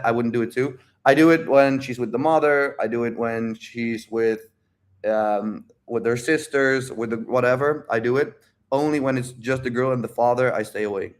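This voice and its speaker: Brief: male dating coach, mid-pitched, blunt and animated casual livestream delivery. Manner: blunt, animated, repeats phrases, swears freely. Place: home livestream.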